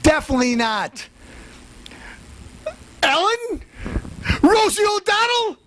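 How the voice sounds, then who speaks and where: A man hosting a comedy show, cracking loud jokes in quick banter. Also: extremely high pitch, sing-song, a little hiss or hum, low-quality recording. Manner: wisecracking, loud.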